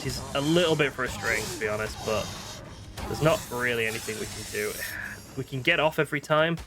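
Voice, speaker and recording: A man's voice: medium pitch, fairly quick, music in the background. A man with a northern British accent chatting casually while playing a video game, thinking aloud and poking fun at himself. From northern Britain. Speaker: gaming streamer. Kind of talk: casual gameplay commentary.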